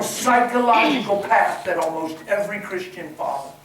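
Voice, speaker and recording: A man with a slightly high voice delivers a passionate sermon at normal speed, swinging from hushed near-whispers to loud, excited shouting. He is recorded from far off in a big, echoing church hall with faint background noise.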